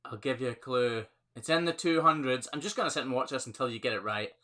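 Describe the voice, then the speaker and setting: A man's voice: medium pitch, quick pace, pushed and bright. A man with a Scottish accent hosting a casual live Q&A on his phone, chatty and upbeat, laughing often as he reads viewer comments. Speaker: livestream host, hoof trimmer.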